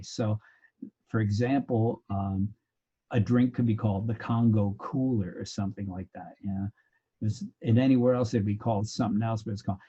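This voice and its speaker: A man's voice: lowish voice, husky, highs cut off. A man teaching a sociology lecture, telling anecdotes. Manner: animated storyteller, bursts into loud laughter. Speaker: sociology instructor.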